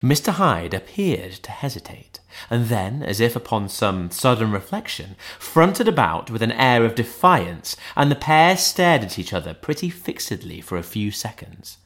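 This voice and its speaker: A man's voice: mid-range voice, sing-song, moderate pace, fairly bright tone. A man narrating a classic novel as an audiobook, reading expressively.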